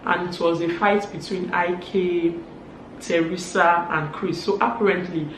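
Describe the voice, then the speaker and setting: A woman's voice: on the low side, steady tone, unhurried, slight background noise. A woman with a Nigerian accent, chatting through a casual, gossipy recap of a reality show. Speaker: vlogger. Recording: echoey room.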